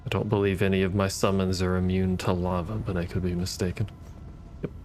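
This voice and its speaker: A man's voice: low-pitched, level tone, fairly quick, darkish tone, slight background noise. A man giving casual gameplay commentary, wry and profane, talking back to the enemies on screen. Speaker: gaming streamer.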